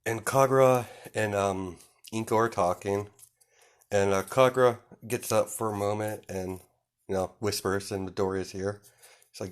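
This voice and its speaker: A young man with a fairly low voice makes up a fan story as he goes. He wanders through it with constant fillers and little chuckles. The delivery is loose and unscripted. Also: fairly even intonation, moderate pace. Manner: rambling, full of "you know" and "um", chuckling. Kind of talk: improvised fan fiction narration.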